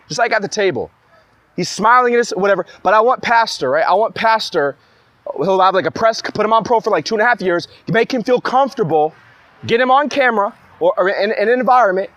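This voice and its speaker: A man's voice: sits high, a bit bright, dry recording. A young man in a heated, rambling monologue, speaking in an agitated way full of restarts. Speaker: vlogger ranting to camera.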